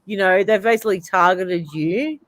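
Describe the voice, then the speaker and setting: A man's voice: high voice, moderate pace, a bit bright, dry recording. A man co-hosting a live stream, earnest and supportive, swearing casually. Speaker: co-host.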